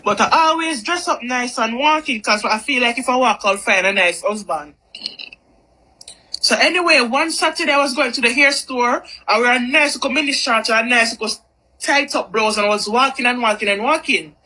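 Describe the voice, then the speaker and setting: A woman with a high, bright voice spins a casual storytime tale. She is lively and repeats phrases for emphasis. Her tone has a forward, sharp edge. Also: moderate pace, low-quality recording.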